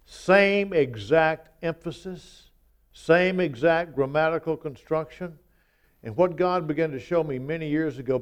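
A man's voice: on the high side, a little mellow, clear, resonant tone, lo-fi sound. A man preaching a sermon, emphatic and conversational, acting out quoted lines.

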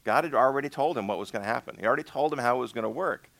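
A man's voice: medium pitch, racing, vocal fry, a bit bright, no echo. A male minister preaching a conversational sermon, acting out little dialogues with God.

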